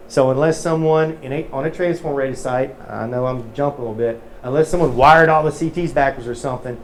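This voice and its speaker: A man's voice: medium pitch, darkish tone, slight background noise. A man teaching a technical webinar in a casual, folksy way with many fillers. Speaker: metering trainer. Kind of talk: webinar teaching and joke-telling.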